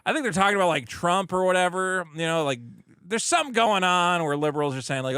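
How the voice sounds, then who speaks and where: A man's voice: high voice, quick pace, bright, forceful tone, smooth, no room sound, clean studio sound. A man co-hosting a comedy podcast, rambling through casual banter and acting out scenes. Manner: rambling, acts out scenes in quoted voices. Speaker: podcast co-host.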